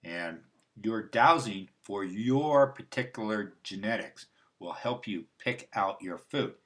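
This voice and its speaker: Low-voiced rambling man on a livestream. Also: expressive, slow, fairly bright tone. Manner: rambling, with many restarts and asides. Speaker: host. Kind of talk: casual livestream talk. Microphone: livestream mic.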